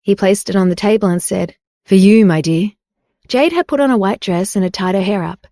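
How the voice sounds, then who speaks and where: A woman reading a romance audiobook as narrator, in an even, unhurried way. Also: medium pitch, no echo, clean studio sound. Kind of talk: scripted narration.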